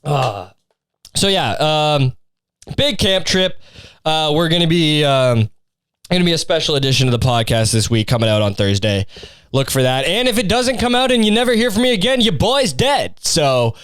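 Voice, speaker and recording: A man's voice: on the high side, sing-song, normal speed, a bit bright, clear, resonant tone, no echo. A young man hosting a solo podcast, rambling crudely with constant profanity. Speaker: podcast host. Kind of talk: casual solo podcast rant.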